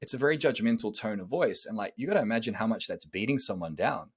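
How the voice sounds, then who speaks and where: A man's voice: fairly low pitch, expressive, fast talker, breathy edge. Blunt man hosting a podcast. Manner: blunt, emphatic, acts out tones of voice. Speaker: podcast host and relationship coach. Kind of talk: casual podcast conversation.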